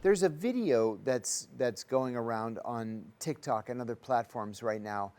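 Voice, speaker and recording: A man with a medium-pitched, slightly mellow voice speaks a little slowly as host of a studio talk show. He's earnest, his emphasis rising as he makes his points, and he acts out quoted voices.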